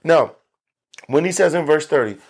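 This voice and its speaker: A man's voice: a little high, lively intonation, normal speed, a little mellow, slightly rough. Earnest man preaching a Bible study. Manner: earnest, emphatic, repeats key phrases for stress. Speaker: pastor teaching Bible study. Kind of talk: Bible study sermon recorded for video.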